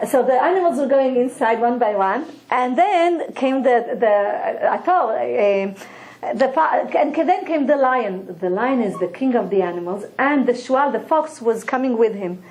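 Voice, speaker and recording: A woman teaching a Torah lesson, who tells a story in an animated way and laughs as she goes. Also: a little high, normal speed. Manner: animated, laughs while telling. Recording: echoey room.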